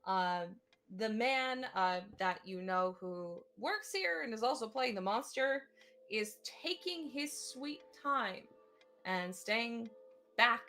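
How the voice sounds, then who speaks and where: A woman game master narrating a tabletop session slowly and deliberately. She pauses often on filler words, and her voice has a bright edge. Soft music plays faintly in the background. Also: medium pitch, gravelly. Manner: unhurried, filler-heavy narration.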